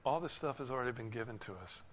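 This sermon comes fast from a man of medium pitch who explains the text and dramatizes its speakers with rising intensity. His style is expressive. A faint noise sits under a slightly dull recording.

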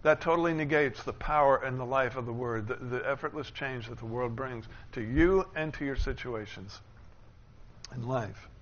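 A man preaching a sermon as pastor, building to loud, emphatic declarations and dropping into quick conversational asides. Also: mid-range voice, muffled recording, slight background noise.

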